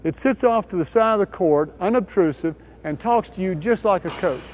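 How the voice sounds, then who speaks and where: High-voiced man narrating a training video. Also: lively intonation. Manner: measured, explanatory delivery. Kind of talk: scripted instructional voice-over.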